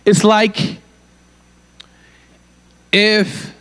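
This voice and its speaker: A guest speaker at a church conference preaches a sermon, firing rhetorical questions at the congregation. His voice is high, clean and a bit bright, but monotone and very slow.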